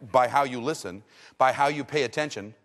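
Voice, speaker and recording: A male trainer giving an expressive seminar talk, acting out scenes and joking with the audience. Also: medium pitch, brisk, long reverb tail.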